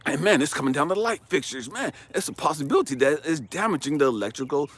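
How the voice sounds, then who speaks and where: A man tells an emotional personal story in a husky, forceful voice. His pitch climbs and falls all over the place, and he goes from hushed to loud as the story builds. He talks with passion and swears freely. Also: very animated, fast talker. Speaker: life coach and speaker.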